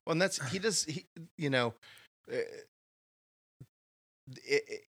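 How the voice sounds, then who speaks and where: A man co-hosting a casual movie chat, speaking haltingly with many restarts as he thinks. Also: a little high, expressive, a bit bright, slightly rough. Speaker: podcast co-host.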